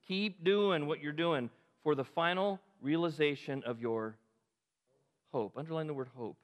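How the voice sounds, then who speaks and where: Impassioned pastor preaching in a reverberant hall. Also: male voice, fairly high pitch, measured pace. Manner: impassioned, rising to emphatic peaks and dropping to quiet asides. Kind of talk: sermon. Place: church sanctuary.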